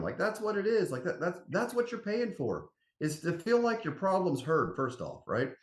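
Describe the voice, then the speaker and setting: Folksy man, lively storyteller. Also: high-pitched, normal speed. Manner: animated storyteller, folksy and emphatic. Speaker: company CEO, podcast guest. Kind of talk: casual interview chat. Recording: roomy echo.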